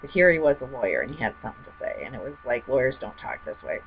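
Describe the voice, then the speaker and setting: A woman's voice: extremely low pitch, big pitch swings, fast, phone-quality sound, a little hiss or hum. A woman telling a personal story in a rambling, heated way, full of fillers. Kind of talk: personal testimony monologue.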